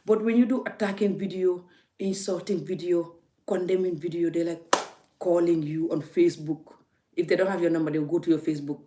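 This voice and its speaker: A woman's voice: on the low side, steady tone, fairly quick, background noise. A woman vlogging into her phone, emphatic and laughing, often repeating her words. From Gambia. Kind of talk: casual ranting vlog.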